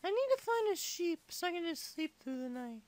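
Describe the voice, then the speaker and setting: A man's voice: big pitch swings, brisk, no room sound. A man putting on a whiny little boy's voice for a comedic game play-along, rambling rude silly remarks. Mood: childish. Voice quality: squeaky high-pitched.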